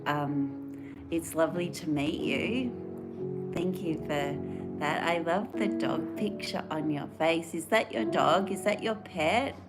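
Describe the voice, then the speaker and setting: A woman chatting casually and earnestly on a live stream, rambling and reading out viewer comments. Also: deep voice. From Australia. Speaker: livestream host.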